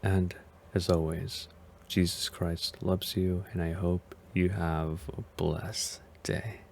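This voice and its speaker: A man's voice: low voice, flat delivery, slow, gravelly, darkish tone, slight background noise. A man hosting a casual video reaction as a vtuber, talking in a hesitant, rambling way and often sounding unsure.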